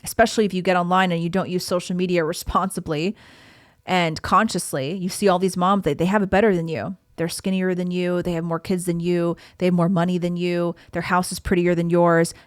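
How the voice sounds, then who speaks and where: A young, pregnant woman hosts a casual solo podcast in a fairly low voice, talking in an earnest, encouraging, conversational way. The recording is studio quality with no room sound.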